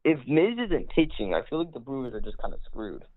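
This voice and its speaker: A man's voice: medium pitch, sing-song, a little fast, no echo. Male phone-in caller, easygoing, thin phone sound, dry. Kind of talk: casual phone-in chat. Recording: tinny phone line.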